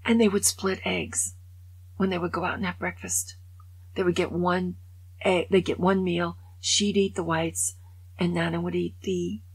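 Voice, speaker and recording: A woman over 65, vlogging in a chatty, animated way as she comments on stories, and often drops to a whisper. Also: lowish voice. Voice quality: gravelly and raspy. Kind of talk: casual monologue commenting on news stories.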